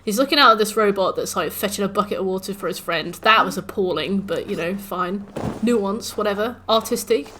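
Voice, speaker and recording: A woman's voice: mid-range voice, a little fast, few pauses, noisy background. A young woman streaming a game, chatting casually and ranting with swearing as she mimics the game's taunts. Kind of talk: casual livestream chat while gaming.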